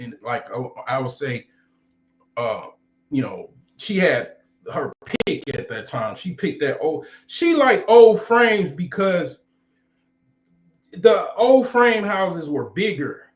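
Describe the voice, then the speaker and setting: A vlogger in his forties tells stories casually, loosely and profanely, rambling as he goes. His voice is a little high, sing-song and slow, and the recording sounds roomy and slightly dull.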